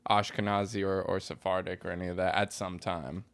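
A man's voice: deep voice, little pitch movement, brisk, fairly bright tone. Chatty man hosting a podcast. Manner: chatty, frequent "yeah, yeah" and "like" fillers. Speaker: podcast host. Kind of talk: casual chat.

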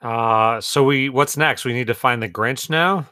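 A man's voice: medium pitch, measured pace, bright, forceful tone, dry recording, studio quality. A man playing a tabletop game, chiming in with short remarks. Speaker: player. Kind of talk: casual tabletop play.

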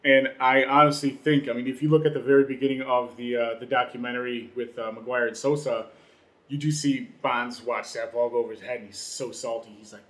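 A man co-hosting a casual sports talk show, from Chicago, talking fast and putting on voices now and then. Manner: animated, mimics people in high voices. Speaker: sports podcast co-host. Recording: roomy echo.

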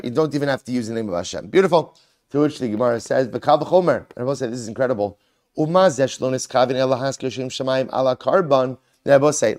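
Animated man teaching a Talmud lesson. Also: on the high side. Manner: animated, asks and answers his own questions; mixes Hebrew and Aramaic terms into English. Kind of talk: Talmud lesson, explaining a text.

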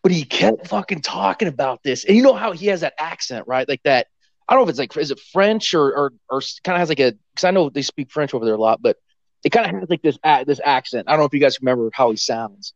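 A man's voice: fairly high pitch, expressive, fast talker, no room sound. Brief: veteran man swapping war stories, swears a lot, dry muffled recording. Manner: profane, rambling, laughs often. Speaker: podcast guest, former Marine. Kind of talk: casual storytelling chat.

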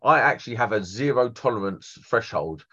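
A husky-voiced man in his 40s, guesting as an electrician on a trade podcast, tells blunt, sweary stories in casual chat. His voice is medium-pitched, bright and forceful, with lively intonation at a moderate pace, captured in dull lo-fi podcast audio.

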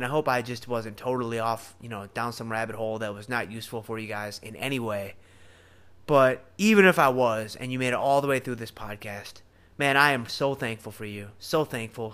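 A man with a Southern US drawl hosting a podcast, talking earnestly and casually about faith straight to his listeners. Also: medium pitch. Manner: earnest, animated, addresses listeners directly. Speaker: podcast host.

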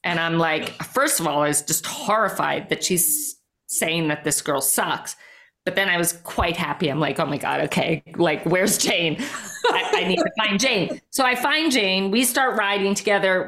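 A woman's voice: fairly low pitch, expressive, normal speed, fairly bright tone. A middle-aged woman, a former athlete turned coach, telling a personal story as a guest with emphatic energy, filling her speech with "like" and acted-out inner thoughts. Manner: emphatic, lots of "like" and quoted self-talk.

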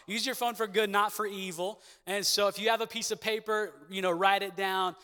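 Bright-voiced young male preacher. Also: high-pitched, fairly even intonation, fairly quick, clean tone. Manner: preaching with call-and-response, repeated catchphrases. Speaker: pastor. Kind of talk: sermon. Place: church hall with a congregation. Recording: long echo of a big hall.

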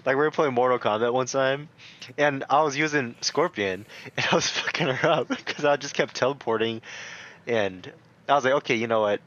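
A man's voice: medium pitch, normal speed, fairly bright tone, lo-fi sound. A young man telling funny stories in a casual chat, laughing often as he talks.

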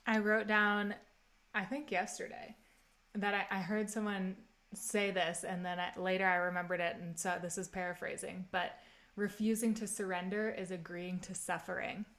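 A woman who is a guest on a podcast, talking in a thoughtful, searching, soft-spoken way. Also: medium pitch, level tone, normal speed. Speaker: podcast guest, health coach. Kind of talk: casual podcast conversation.

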